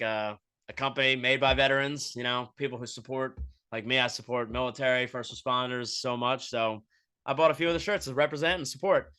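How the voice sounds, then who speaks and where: A young man hosting a podcast, telling a story in a profane, animated way and quoting voices as he goes. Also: mid-range voice. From Florida, USA. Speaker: podcast host. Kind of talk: casual storytelling monologue.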